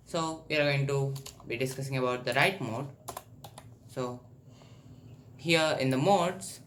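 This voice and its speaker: A man's voice: mid-range voice, bright, forceful tone. A man teaching a screen-recorded coding tutorial, explaining step by step and thinking aloud as he types. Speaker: programming tutor. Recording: faint background noise.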